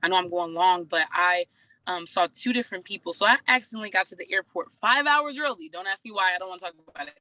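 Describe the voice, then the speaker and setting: A woman's voice: fairly low pitch, lively intonation, fast, sharp tone, no echo, poor audio. A woman on a group call telling a chatty story, acting out what people said. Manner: chatty, acts out quoted dialogue. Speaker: team member sharing a story.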